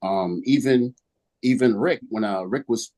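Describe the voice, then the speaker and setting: Over a video call, a young man testifies as a witness at a licensing hearing, rambling through his story like a storyteller and acting out others' quotes in different voices. His pitch is fairly low, his pace measured, and his tone warm.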